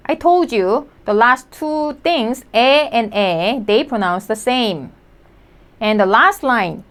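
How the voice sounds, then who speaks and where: A woman leads a beginner lesson. She talks slowly and patiently, repeating each sound. Her voice sits a little high and moves up and down a lot. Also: animated. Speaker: Korean language teacher. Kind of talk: slow spoken lesson.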